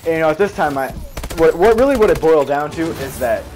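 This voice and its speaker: A man's voice: a little high, animated, fast, a little mellow, soft background music. A young man casually telling a long personal story from his school days, rambling, swearing and correcting himself as he goes. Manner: rambling, profane, self-correcting. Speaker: storyteller recounting a school memory.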